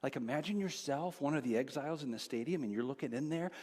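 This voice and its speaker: A male pastor preaching a sermon, telling a story with animation, swinging between excited shouts and quiet asides. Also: medium pitch, quick pace, breathy edge, big-room sound.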